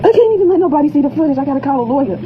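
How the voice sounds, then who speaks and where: A woman's voice: sits high, lively intonation, racing, dull audio, noisy background. A mother confronting school staff indoors, distraught and pleading, repeating her accusing questions, filmed on a phone.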